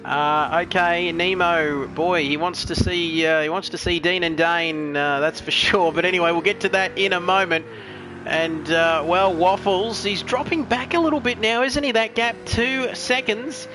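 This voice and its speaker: Chatty commentator with a high, bright voice, over a faint background hiss. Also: male voice, fairly even intonation, moderate pace. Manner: chatty, joking, reads chat messages aloud. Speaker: race commentator. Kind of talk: sim racing commentary.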